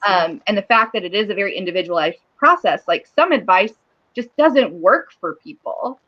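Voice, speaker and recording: A woman's voice: medium pitch, expressive, moderate pace. Chatty Southern woman on a muffled call. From Southern United States. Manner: chatty, lots of "you know" and "like". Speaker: guest writer. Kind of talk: casual online writing chat.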